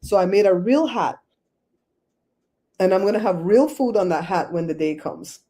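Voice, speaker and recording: Chatty woman hosting a livestream, mellow voice. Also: medium pitch, moderate pace. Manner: chatty, laughs often, talks to viewers by name. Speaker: livestream host. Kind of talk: casual livestream chat.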